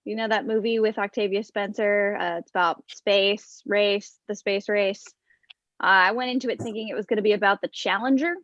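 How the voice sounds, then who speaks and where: A woman's voice: medium pitch, fairly even intonation, normal speed, fairly bright tone, no echo, muffled recording. Wry young woman doing stand-up. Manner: wry, self-deprecating, chatty with many fillers. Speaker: stand-up comedian. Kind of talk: stand-up comedy set.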